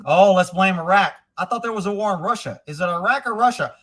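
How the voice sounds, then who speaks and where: A man hosting a livestream of angry political commentary, profane and mocking, bursting into shouts and laughing in disbelief at clips. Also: high voice, fast talker. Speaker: livestream host.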